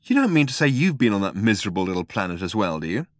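A man's voice: on the low side, very animated, quick pace, no echo, studio quality. A man reading aloud and voicing a worldly alien man with a cool drawl that turns irritable. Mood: exasperated.

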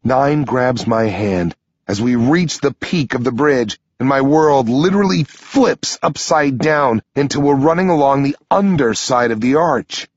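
A man reading a first-person story aloud as an audiobook narrator, with a steady storytelling delivery. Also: measured pace, dry recording, muffled recording. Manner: steady storytelling delivery, pushing up in pitch for shouted dialogue.

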